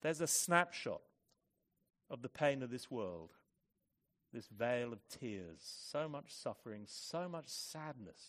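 A man preaching a sermon, moving between hushed, measured reflection and loud, forceful emphasis. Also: medium pitch, big pitch swings.

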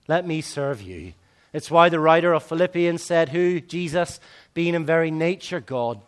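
A man preaching a sermon in a fairly high voice. He swings from loud, emphatic lines to slow, hushed ones.

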